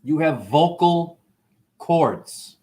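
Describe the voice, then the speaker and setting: A man rambles through a livestream monologue, stringing words together in playful sing-song riffs. His voice sits a little high and swoops widely, jumping into sudden whoops before dropping into drawling asides. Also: animated, drawn-out words, warm tone. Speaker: online show host.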